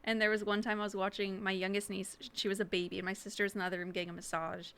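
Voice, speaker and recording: A woman's voice: medium pitch, level tone, rapid-fire, fairly bright tone, smooth. A woman hosting a podcast, chatting casually, telling stories and laughing often. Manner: giggly, chatty storyteller. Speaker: podcast host. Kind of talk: casual chat.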